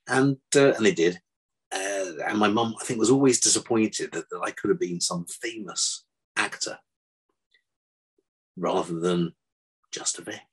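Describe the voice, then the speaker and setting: An older man, a vet, telling stories from his past in a relaxed interview, with dry self-deprecating humour. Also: lowish voice, measured pace, pauses often, slightly rough. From England. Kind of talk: casual interview chat.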